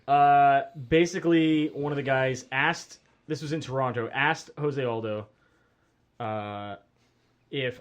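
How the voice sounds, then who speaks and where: A man's voice: mid-range voice, slow pace. A man hosting a casual podcast, telling stories with frequent laughs and steering the talk between topics. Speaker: podcast host. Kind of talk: casual chat.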